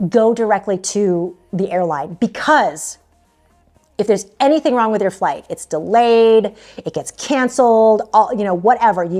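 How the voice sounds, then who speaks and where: A woman's voice: mid-range voice, dark tone. A young adult woman giving travel tips in a chatty, casual way, with lots of fillers and frequent laughs. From Philippines-connected American. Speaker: travel vlogger. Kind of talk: casual talk to camera.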